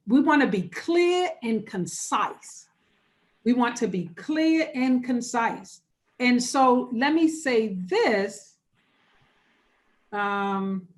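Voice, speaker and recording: A woman pastor leading an interactive online workshop over a video call. She talks conversationally and repeats key phrases for emphasis. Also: on the high side. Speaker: pastor leading a church webinar.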